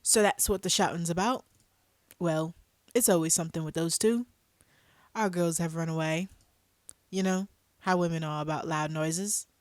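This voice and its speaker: A woman voicing a calm, laid-back young man who gently comforts. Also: normal speed, pauses often, no room sound, close to an everyday voice. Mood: soothing. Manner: low-key, easygoing.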